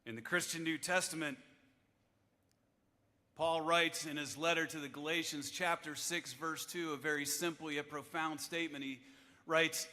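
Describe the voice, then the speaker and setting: A man in his fifties, a chaplain giving a devotional address to lawmakers in a wry, measured storytelling manner, at a podium microphone in a large chamber. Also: fairly high pitch, steady tone, pushed and bright. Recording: echoey hall with long reverb.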